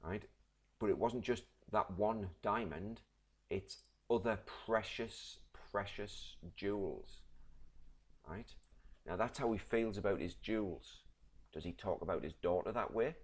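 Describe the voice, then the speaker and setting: A deep-voiced man teaches a recorded literature lesson. He explains patiently, step by step, and keeps checking in with his class. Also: moderate pace, darkish tone, husky. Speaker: English teacher.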